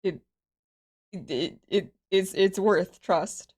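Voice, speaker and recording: A woman's voice: mid-range voice, very slow, a little mellow, breathy edge. A woman streaming a story game from her home computer, chatting casually, laughing often and swearing freely. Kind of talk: casual live-stream commentary.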